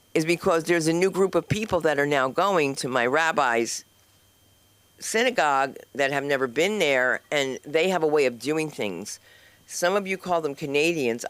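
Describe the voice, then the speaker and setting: A woman's voice: low-pitched, fairly bright tone, smooth, dry recording. A woman hosting an open mic at a comedy club, doing brash, chatty stand-up and teasing the audience. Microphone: handheld microphone.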